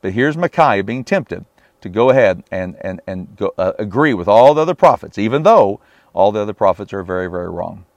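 A man's voice: lowish voice, lively intonation, a little fast, darkish tone, no echo, dull audio. A man preaching a sermon on a Bible passage, emphatic and often asking his listeners rhetorical questions.

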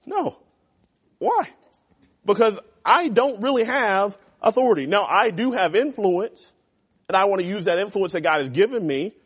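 Lively man preaching to a youth group. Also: sits high, moderate pace, breathy edge. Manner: animated and conversational, swinging between loud emphasis and quiet asides. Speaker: youth pastor. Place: church youth group classroom.

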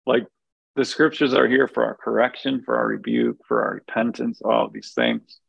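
Gravelly-voiced man teaching scripture. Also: medium pitch, normal speed, a bit bright, dry recording, muffled recording. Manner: earnest, thinks aloud with many restarts and fillers. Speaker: podcast co-host. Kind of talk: conversational Bible teaching.

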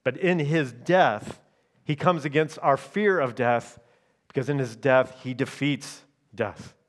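Man preaching, emphatic and measured. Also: mid-range voice. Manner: checks in with the congregation through repeated tag questions. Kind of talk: sermon.

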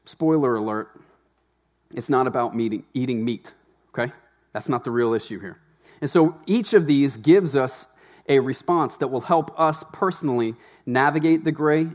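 A man, a pastor, preaching a sermon in a conversational, animated way with asides to the congregation. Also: mid-range voice.

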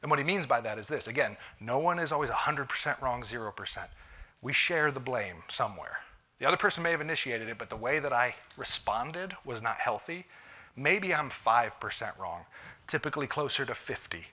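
A man preaching a conversational sermon as a pastor, moving between punchy lines and hushed asides. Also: medium pitch, animated, a little fast. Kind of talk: sermon on marriage.

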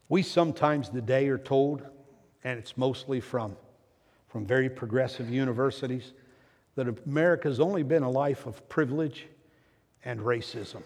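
A male pastor delivering a sermon, swinging between loud emphasis and hushed drops, and putting questions to his congregation. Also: medium pitch, moderate pace. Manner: asks the congregation rhetorical questions. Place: church sanctuary. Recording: long church reverb.

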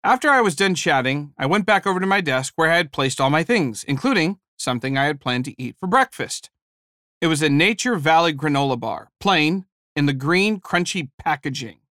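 A man preaching a sermon, telling a story from his teaching days with animated, humorous delivery. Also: a little high, normal speed, dry recording, clean studio sound. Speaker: preacher and former high school teacher.

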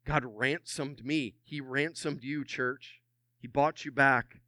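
A middle-aged man preaching a sermon as pastor, animated and drawing responses from his congregation. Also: mid-range voice, a little slow, no room sound, clean studio sound.

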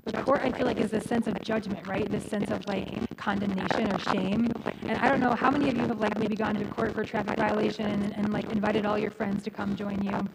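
A woman's voice: mid-range voice, fairly even intonation, fairly quick. A middle-aged woman pastor preaching a sermon in a conversational way, restarting phrases and adding humorous asides. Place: church. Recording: loud background noise.

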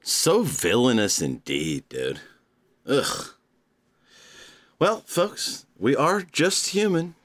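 A man hosting a casual comedic podcast, talking to listeners in an animated, playful way with drawn-out emphasis. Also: medium pitch, no room sound. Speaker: podcast host.

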